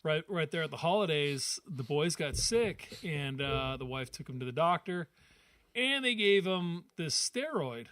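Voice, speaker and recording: A man's voice: fairly high pitch, expressive, unhurried, a bit bright. Laid-back, profane male co-host. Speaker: podcast co-host. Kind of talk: casual chat.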